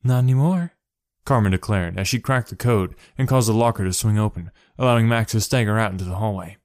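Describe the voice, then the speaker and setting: Low-voiced man reading a story. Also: fast talker, no echo, studio quality. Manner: steady narration, voices characters. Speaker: story reader.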